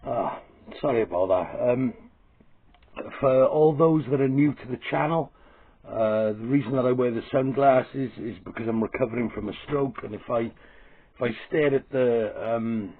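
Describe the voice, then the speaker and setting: Husky sweary man ranting to camera. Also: mid-range voice, normal speed. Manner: profane, aggressive, sweary. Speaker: comedy vlogger. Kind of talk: crude satirical rant to camera. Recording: tinny phone-like audio.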